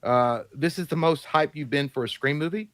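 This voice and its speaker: A man's voice: a little high, normal speed, slight background noise. A man co-hosting a live movie stream, reading out viewer messages and bantering with crude jokes. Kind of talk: casual live-stream chat.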